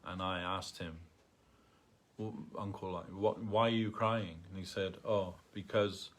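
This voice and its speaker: A man telling a story at a temple gathering in a halting way, with many fillers and restarts. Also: low voice, steady tone. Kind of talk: storytelling talk. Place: temple hall.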